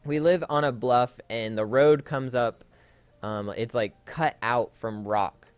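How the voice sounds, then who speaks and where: A man's voice: mid-range voice, slow pace, clear, resonant tone, no echo, faint music behind. Rambling man telling a story over gameplay. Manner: rambling, with frequent fillers and self-corrections. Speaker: Let's Play host. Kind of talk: casual storytelling while playing a game.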